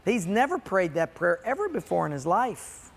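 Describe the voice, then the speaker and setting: A man preaching a sermon to a congregation, dramatic, swinging between loud emphasis and quiet, drawn-out words. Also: high-pitched, very animated, gravelly. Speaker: pastor. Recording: long hall reverb.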